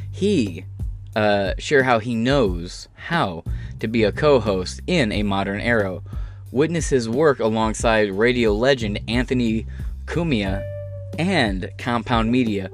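A man hosting a podcast, reading news and riffing in a sarcastic, profane way. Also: on the low side. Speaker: podcast host. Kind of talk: casual commentary.

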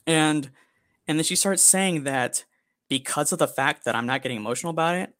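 A man's voice: on the high side, brisk, a bit bright, dry recording, clean studio sound. A young man co-hosting a podcast, telling a story in a blunt, profane, rambling way. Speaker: podcast co-host. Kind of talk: casual storytelling chat.

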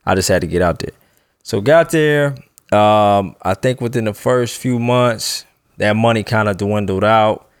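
A man's voice: lowish voice, measured pace, clear, resonant tone, no room sound, clean studio sound. A young man telling a personal story in a loose, slangy, casual way, often breaking into laughter.

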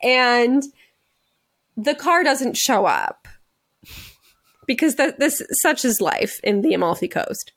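A woman's voice: fairly high pitch, very animated, takes it slowly, long pauses, fairly bright tone. A young woman co-hosting a podcast, telling a story in a casual chat and laughing often. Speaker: podcast co-host. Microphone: video call.

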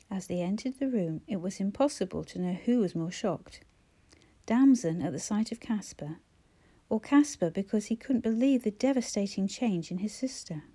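A female audiobook narrator with a mid-range voice reads a novel aloud. Her scripted narration is measured and expressive.

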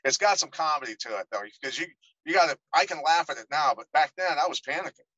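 A middle-aged man with a slightly high voice talks fast in a dry recording with the highs cut off. He's a former fighter appearing as a guest in a casual podcast interview, telling stories animatedly and acting out the voices of the people in them.

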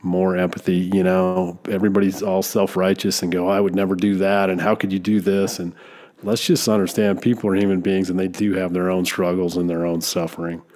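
Earnest low-voiced man hosting a podcast. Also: little pitch movement, brisk, a little mellow. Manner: earnest, reflective, with frequent restarts and verbal fillers. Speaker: podcast host. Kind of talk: casual conversational interview.

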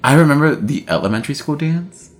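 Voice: mid-range voice, sing-song, fast talker. A podcast co-host chatting casually about a movie, drifting into jokey personal stories full of "like" fillers. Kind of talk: casual movie recap chat.

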